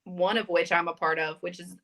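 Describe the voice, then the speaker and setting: A woman's voice: fairly low pitch, little pitch movement, brisk, sharp tone. A woman with a Southern US accent, chatting upbeat as a guest on a talk show. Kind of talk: casual chat.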